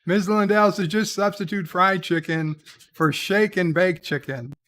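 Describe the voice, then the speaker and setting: A man whose voice sits high and fairly bright, with fairly even intonation, hosts a casual livestream at an unhurried pace. He reads chat comments aloud and answers them wryly, inserting lots of "uh" between lines.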